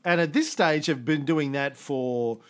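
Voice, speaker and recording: A man co-hosting a casual history podcast, talking in an animated way and swearing freely. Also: fairly high pitch, measured pace. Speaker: podcast co-host.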